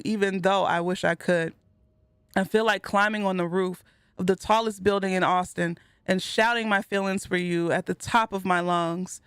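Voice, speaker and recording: A woman hosting a gameplay video. She reads in-game letters aloud slowly and earnestly, and sometimes breaks off with giddy high-pitched exclamations. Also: vocal fry, smooth, no room sound, studio quality. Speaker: gaming video host. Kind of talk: let's play commentary, reading in-game letters aloud.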